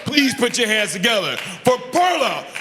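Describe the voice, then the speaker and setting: A man acting as event emcee, shouting an introduction to rouse the audience. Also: very high-pitched, big pitch swings, moderate pace. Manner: shouting, hyping the crowd. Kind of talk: stage introduction. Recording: roomy hall with a cheering crowd and noise.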